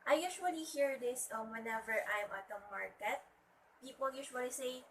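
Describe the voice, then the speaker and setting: A young woman with a Filipino accent, giving a demonstration lesson to a class. She pauses often and fills the gaps with hesitations. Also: sits high, fairly bright tone, recorded from a distance, slight background noise, poor audio. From Philippines. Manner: hesitant, many pauses and fillers. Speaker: student teacher giving a demo lesson. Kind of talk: classroom teaching.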